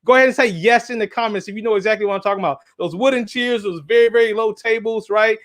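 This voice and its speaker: A man with a strikingly high voice gives a guest talk, animated and chatty. He keeps turning to the crowd with "right?" and "y'all", and he acts out the people in his story with small put-on voices. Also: fast talker. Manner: animated, speaks straight to the audience with "y'all" and "right?". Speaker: guest speaker and engineer. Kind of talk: lively storytelling talk at a symposium.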